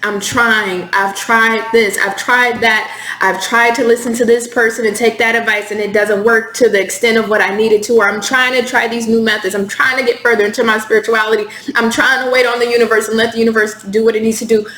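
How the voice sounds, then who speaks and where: A woman's voice: fairly high pitch, flat delivery, fairly quick, sharp tone. A woman giving a candid, intense tarot reading to camera, swearing freely as she talks. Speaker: tarot reader. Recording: echoey room with faint hiss.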